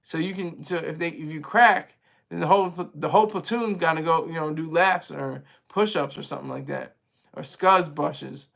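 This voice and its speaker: A man's voice: fairly high pitch, normal speed, gravelly, a bit bright. A man hosting a livestream, talking casually with his viewers in a rambling, chatty way and laughing easily. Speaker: livestream host reading viewer chat.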